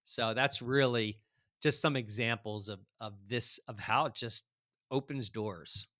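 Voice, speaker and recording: A man's voice: medium pitch, measured pace, dry recording, studio quality. A man guest on a podcast, telling stories casually and acting out bits of dialogue with lots of fillers. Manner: animated storyteller acting out dialogue, frequent fillers. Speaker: guest author. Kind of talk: casual storytelling in a podcast conversation.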